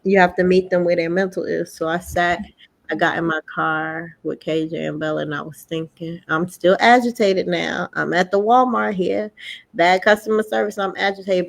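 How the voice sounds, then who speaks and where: Middle-aged woman, kinda low voice, lively storytelling, acts out what her kids said. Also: moderate pace, creaky. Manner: animated storytelling, acting out family dialogue. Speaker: podcast host. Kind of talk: casual conversation.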